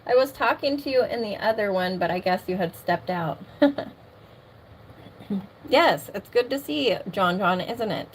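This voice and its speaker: A woman's voice: mid-range voice, expressive, measured pace, long pauses, slight background noise. A middle-aged woman casually chatting on a livestream from her home, laughing often and greeting viewers by name. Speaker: livestream host. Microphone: streaming mic.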